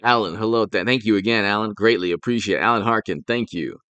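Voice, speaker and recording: A man's voice: on the low side, quick pace, fairly bright tone, dry recording. Rambling sarcastic male live streamer. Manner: rambling, sarcastic, thanks super chat donors mid-talk. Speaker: political commentator and live streamer. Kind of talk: casual live stream commentary.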